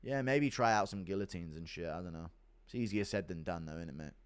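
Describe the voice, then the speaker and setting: A man's voice: low voice, fast, clean tone. A man hosting a livestream, reading donations in a blunt, crude, offhand way. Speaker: livestream host. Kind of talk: casual chat reading donations.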